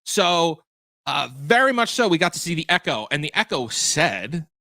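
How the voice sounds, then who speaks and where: A man's voice: fairly high pitch, very animated, moderate pace, bright, forceful tone, no echo. A man hosting a livestream post-show as game master, chatting loosely and correcting himself as he answers viewer questions.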